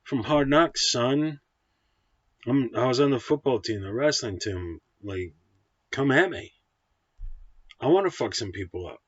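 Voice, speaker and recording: A man tearing into a film in a casual, ranting review, blunt and combative with plenty of swearing. His voice sits at an ordinary pitch for a man. The recording is dry and dull, with a lo-fi edge. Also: animated, unhurried, pauses often, slightly rough, no room sound. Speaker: movie reviewer.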